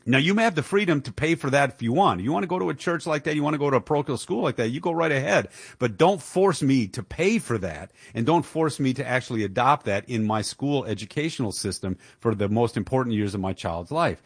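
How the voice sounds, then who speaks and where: Brief: male radio talk host, fired-up and emphatic, mid-pitched voice, close dry studio mic. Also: animated, fast talker, hardly any pauses, husky, no room sound. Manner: indignant, emphatic, with chuckles. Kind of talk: political talk radio commentary.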